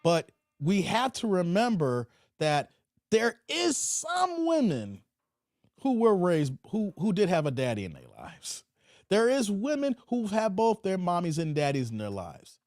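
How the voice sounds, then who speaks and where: High-voiced man streaming commentary, dry sound. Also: sing-song, moderate pace, a little mellow, no room sound. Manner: preachy, repeats phrases, drawls "man". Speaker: commentary channel host. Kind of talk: livestream commentary.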